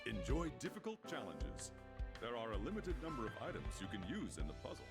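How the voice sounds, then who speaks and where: Scripted promotional narration for a video game, like a trailer announcer. His mid-range voice rises and falls dramatically. Loud game music plays underneath, and he sounds upbeat and selling. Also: medium pitch, huge pitch swings, brisk. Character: enthusiastic adult male announcer.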